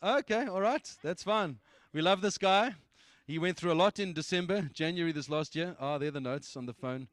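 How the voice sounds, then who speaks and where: A man with a fairly high voice addresses his church in a loose, conversational way. He repeats his phrases for emphasis as he exhorts and announces. The sound is close and dry, with no room echo. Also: normal speed, few pauses. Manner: emphatic, repetitive, conversational preaching. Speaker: church leader. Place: church meeting.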